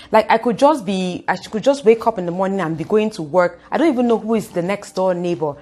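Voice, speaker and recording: A young Nigerian woman with a Nigerian accent, talking fast and expressively to camera in a casual vlog. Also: mid-range voice. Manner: fast-talking, expressive, acts out quoted voices. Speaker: YouTuber.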